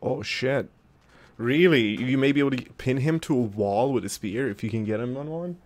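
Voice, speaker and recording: At a normal speed and a medium pitch, this man keeps up casual let's-play commentary as he plays. He's a gaming video host who reacts aloud, cracks jokes to himself and replies to viewer comments.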